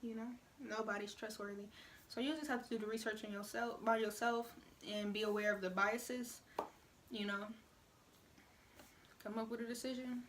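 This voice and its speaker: A woman's voice: fairly high pitch, steady tone, normal speed, pauses often, fairly bright tone, slight background noise. A young woman, giving her opinions in a frank, conversational way on a casual vlog. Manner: frank, conversational, many "you know" asides. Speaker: vlogger.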